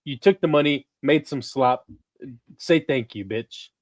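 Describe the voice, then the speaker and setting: A man's voice: mid-range voice, unhurried, no echo. A man co-hosting a podcast, cracking sarcastic jokes about actors and films. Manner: sarcastic, joking asides. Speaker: podcast co-host. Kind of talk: casual film review chat.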